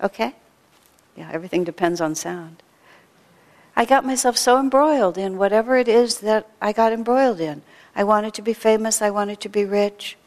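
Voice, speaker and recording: A woman's voice: medium pitch, moderate pace, a little mellow. A woman giving a spiritual talk, telling stories with laughter and acting out quotes. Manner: storytelling with laughter and acted-out quotes. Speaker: spiritual speaker. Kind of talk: sermon. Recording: long reverb of a large hall.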